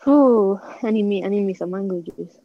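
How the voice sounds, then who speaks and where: A woman's voice: mid-range voice, normal speed, dry recording, lo-fi sound. A woman guest on a podcast in casual chat, who laughs easily and teases back.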